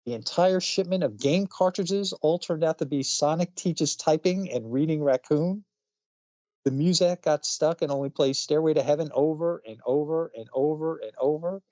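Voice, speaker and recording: A man's voice: on the high side, moderate pace, mellow, no echo, lightly acted. A man voicing a grumpy, cigar-chomping male duck in a dry, sarcastic tone. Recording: dull lo-fi sound.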